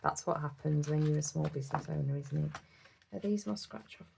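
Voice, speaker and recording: A woman's voice: deep voice, moderate pace, gravelly, noisy background. A woman with a British accent chatting casually as a budgeting vlogger, giggling often and counting numbers aloud to herself. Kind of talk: casual chat while cash stuffing.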